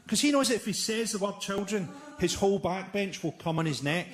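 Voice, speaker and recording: A Scottish man doing a stand-up comedy set on a live stage, delivering dark jokes in a dry, deadpan way. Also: sits high, fairly quick, hardly any pauses. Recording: live show with loud ambient noise.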